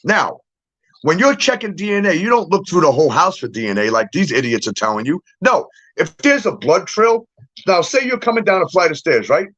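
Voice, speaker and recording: A man's voice: high-pitched, sing-song, a little fast, a bit bright. A middle-aged man in a casual, profane ranting monologue, bluntly laying out his theory and keeping on asking "okay?". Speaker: true-crime commentator. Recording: dull lo-fi audio.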